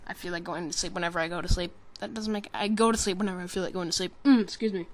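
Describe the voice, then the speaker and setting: A woman's voice: lowish voice, fairly even intonation, rapid-fire. A tired woman giving casual, rambling commentary over a game trailer, full of ums and self-corrections. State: tired, sleepy. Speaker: gaming commentator.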